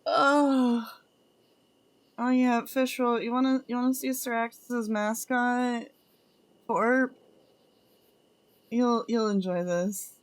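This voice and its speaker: Slow, playful woman on an art stream. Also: on the high side, fairly even intonation, no room sound. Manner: playful and giggly, greets chat members. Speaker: streamer drawing art live. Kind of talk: casual livestream chat with viewers.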